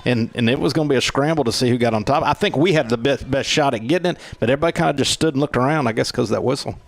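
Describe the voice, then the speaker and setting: Man, color commentator, fast talker, wry remarks. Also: medium pitch, gravelly, dry recording. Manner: quick, wry remarks on calls and players.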